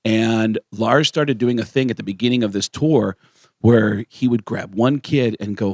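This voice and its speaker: A man's voice: lowish voice, normal speed, no room sound, clean studio sound. A man who is a comedian, a guest on a radio show, telling stories casually and acting out the voices of others. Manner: animated storyteller who acts out the voices of others. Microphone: studio microphone.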